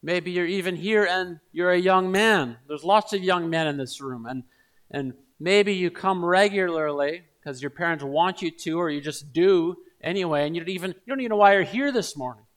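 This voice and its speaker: High-voiced earnest male preacher. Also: moderate pace, a bit bright. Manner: earnest, builds to emphatic repeated appeals. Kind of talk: sermon.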